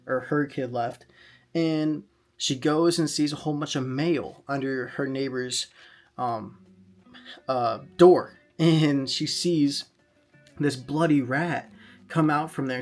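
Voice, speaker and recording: A man's voice: mid-range voice, vocal fry. A man casually reviewing comic books in a chatty vlog, recapping plots with fillers along the way.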